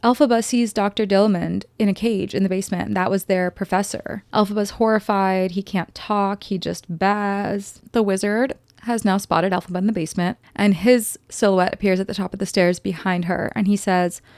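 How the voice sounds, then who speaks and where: A woman reviewing a film in casual chat, retelling scenes expressively and dropping into quick voices for the characters. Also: medium pitch, dry recording. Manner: chatty, expressive, quotes characters in little voices. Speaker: movie reviewer.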